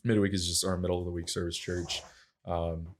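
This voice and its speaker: A man's voice: low-pitched, little pitch movement, brisk, slight background noise. A young man, a track and field coach, telling his story as a podcast guest in an earnest, candid, casual way full of slangy fillers.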